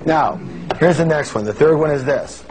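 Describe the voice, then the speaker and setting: High-voiced man leading a seminar. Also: moderate pace, rough recording. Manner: animated, calls on the audience to answer, acts out quoted voices. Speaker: seminar speaker. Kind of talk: motivational seminar talk. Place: large seminar hall with an audience.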